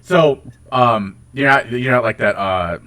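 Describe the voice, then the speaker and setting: An American man chatting casually on a podcast, rambling and halting, with casual swearing. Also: mid-range voice, pushed and bright. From United States. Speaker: podcast host. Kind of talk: casual chat.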